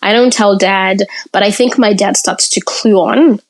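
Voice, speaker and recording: A woman with a medium-pitched, steady voice speaks at an unhurried pace over poor audio. She's a podcast guest candidly recounting her childhood, telling the story in the present tense as part of a conversation.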